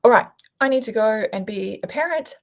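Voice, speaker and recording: A woman hosting a casual livestream, reading viewer comments aloud and pitching her course in a frank, excitable, sweary way. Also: brisk. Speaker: online business coach hosting a livestream.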